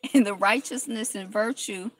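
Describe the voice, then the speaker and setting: A woman's voice: medium pitch, measured pace, slight background noise. A woman with a cold, hosting a casual live stream from inside a car, chatting with viewers and greeting them by name. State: has a cold.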